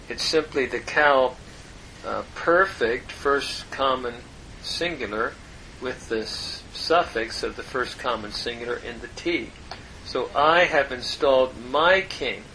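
A man teaching a verse-by-verse Hebrew Bible lesson, parsing each word slowly and deliberately with many pauses. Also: medium pitch, pushed and bright, a little hiss or hum, low-quality recording.

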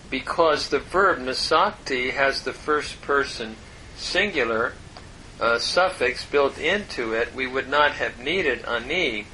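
Male Hebrew teacher, slow and deliberate, bright tone, faint rumble underneath. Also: poor audio. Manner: slow, deliberate, parsing word by word with pauses. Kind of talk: verse-by-verse Hebrew lesson.

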